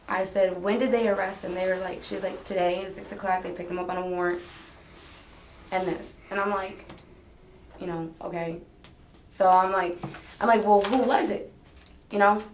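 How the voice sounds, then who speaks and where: A woman's voice: medium pitch, slight background noise. A woman giving a rambling, hedging statement in a police interrogation, retelling conversations as she talks. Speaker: interrogation subject. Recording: echoey interrogation room.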